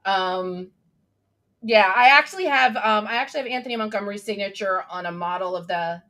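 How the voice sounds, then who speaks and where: A woman's voice: mid-range voice, a little fast, fairly bright tone. A young adult woman hosting a casual livestream chat, bubbly and enthusiastic as she reads out viewer comments. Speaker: host.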